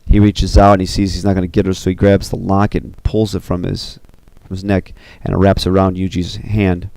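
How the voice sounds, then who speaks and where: Deep gravelly man pitching a story. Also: flat delivery, a little fast, a little mellow, no echo. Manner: loose and rambling, full of 'you know' and 'kinda'. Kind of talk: casual spoken story pitch.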